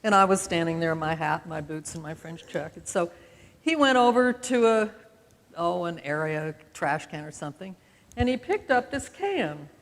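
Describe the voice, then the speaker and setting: A woman's voice: lowish voice, very animated, moderate pace. A woman in her seventies from Utah, giving a folksy, conversational storytelling talk with self-deprecating humor from a stage. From American West, Utah. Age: 70s. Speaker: speaker. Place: stage in a large auditorium. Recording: long hall reverb of an auditorium.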